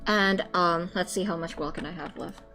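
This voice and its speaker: A woman live-streaming a game, chatting casually, with loud swearing outbursts and quiet muttered sums. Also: fairly low pitch, normal speed, over loud music. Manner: excitable, loud outbursts and swearing, then muttering math to herself.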